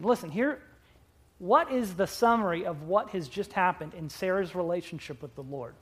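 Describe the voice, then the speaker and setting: Pastor mid-sermon, medium pitch, emphatic, stretches words out, with playful asides to the congregation. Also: lively intonation, slightly rough. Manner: emphatic, with drawn-out words and sudden loud bursts.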